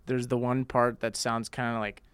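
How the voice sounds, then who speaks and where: A man's voice: mid-range voice, level tone, normal speed, fairly bright tone, clean tone, no echo. A man from Canada, a country singer, answering casually and briefly as a guest. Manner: brief, easygoing. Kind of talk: casual interview chat.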